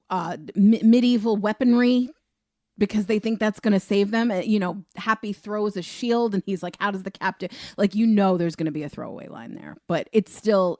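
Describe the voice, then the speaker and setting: A woman co-hosting a film review podcast in a chatty, animated way. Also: mid-range voice, no echo, clean studio sound. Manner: chatty, animated, laughs easily. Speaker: podcast co-host. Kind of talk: casual film review chat.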